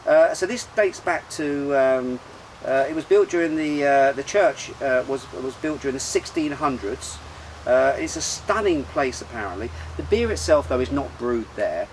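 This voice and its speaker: A man's voice: medium pitch, expressive, moderate pace, a little hiss or hum, low-quality recording. A man hosting a casual beer show outdoors, talking in a rambling, chatty way with lots of fillers and restarts. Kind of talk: casual chat about beer. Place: outdoors in sunshine.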